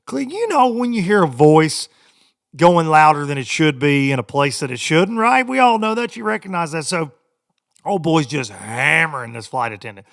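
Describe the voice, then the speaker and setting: A middle-aged man, hosting a podcast and telling a rambling story, laughing often and doing loud mocking voices. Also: on the high side, sing-song, normal speed, vocal fry. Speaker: podcast host. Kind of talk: casual storytelling monologue.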